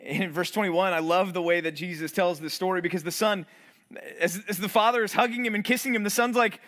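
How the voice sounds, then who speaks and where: A high-pitched man delivers a fervent sermon as a pastor. He swells with intensity, then drops low and quiet for emphasis, repeating phrases as he presses his point. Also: fairly even intonation, a little fast. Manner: earnest preaching, voice swelling and dropping low for emphasis; repeats and restarts words while building intensity.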